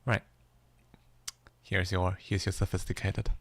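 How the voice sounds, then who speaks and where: Gravelly-voiced playful male streamer. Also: low voice, flat delivery, a little slow, no echo. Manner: playful, self-mocking, laughs often. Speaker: livestreaming musician. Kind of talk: casual chat with stream viewers.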